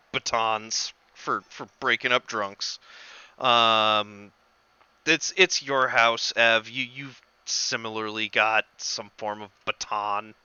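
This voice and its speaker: Guy gm narrating a tabletop game slow, bright clear voice, kinda dull dry mic. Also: mid-range voice, no echo. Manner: halting, repeats words while describing scenes. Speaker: game master.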